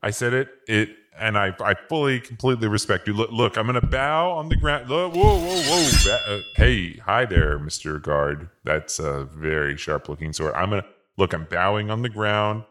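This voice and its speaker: A flustered traveler who stammers and pleads his innocence, as a man plays him in improvised comedy. His voice is mid-pitched and ordinary, and it jumps high whenever he protests. He keeps tripping over his own words as he apologizes. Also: lively intonation, moderate pace, a bit bright. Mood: pleading. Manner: stammering, pleading, giggling through lines. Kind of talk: improvised comedy role-play.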